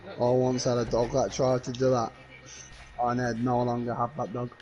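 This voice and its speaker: A man in casual gaming chat, dry and deadpan with some swearing. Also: medium pitch, normal speed, lo-fi sound, faint music behind. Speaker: fellow player.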